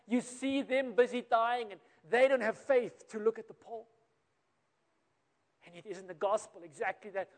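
Man, South African accent, preacher, very high voice, storytelling sermon, long hall reverb. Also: fairly even intonation, normal speed. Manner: storytelling with acted-out quotes, builds then drops to quiet.

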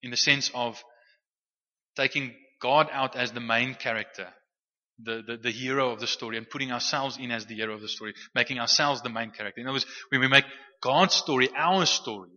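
Male preacher, very bright tone, casual teaching delivery full of restarts, muffled hall recording. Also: medium pitch, a little fast. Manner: conversational with frequent restarts and stammered repeats. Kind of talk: sermon teaching. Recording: muffled sound with long hall reverb.

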